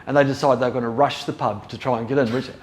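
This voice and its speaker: A man's voice: mid-range voice, fairly even intonation, racing. A middle-aged man telling rambling stories in a casual way, often breaking off and restarting his sentences. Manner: rambling, self-interrupting, laughs at own story. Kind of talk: casual storytelling.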